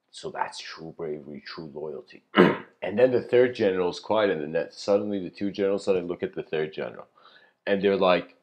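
A man with a very low voice tells a story during a lecture. He rambles loosely, fills the gaps with casual fillers, and keeps clearing his throat. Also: fairly quick, a little mellow. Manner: loose, full of "you know" fillers, frequent throat clearing.

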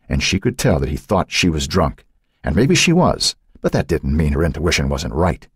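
A male narrator reads a suspense novel in a very deep, husky voice. His pitch moves widely and expressively. The sound is dry and close, with no room around it. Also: big pitch swings, normal speed, dry recording. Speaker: audiobook narrator. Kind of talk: scripted audiobook narration.

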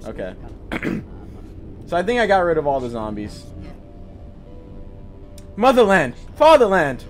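A man's voice: mid-range voice, sing-song, moderate pace, faint music behind. A man casually commenting on a video game while joking around and improvising voices. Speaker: gaming YouTuber.

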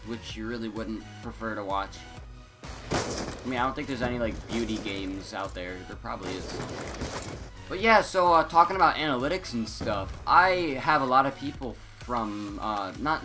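A teenage boy rambling through casual gaming commentary, scattered and self-interrupting, excitable, on a headset mic. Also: medium pitch. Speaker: gaming YouTuber.

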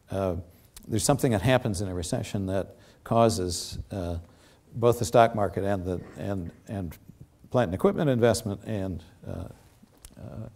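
An older man giving an academic lecture with slides, halting often and filling pauses with many ums and restarts. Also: on the low side, warm tone. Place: lecture theatre.

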